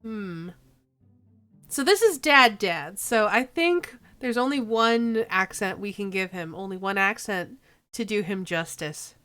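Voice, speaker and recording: A woman's voice: mid-range voice, animated, a little slow, fairly bright tone, soft background music. A woman streamer playfully reading a dating game aloud and chatting with viewers.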